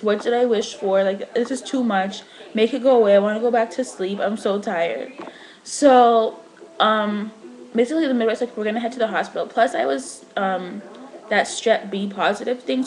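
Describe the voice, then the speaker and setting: A young woman in a casual vlog, telling a personal story in a chatty, animated way with lots of filler words. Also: medium pitch, poor audio. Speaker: vlogger.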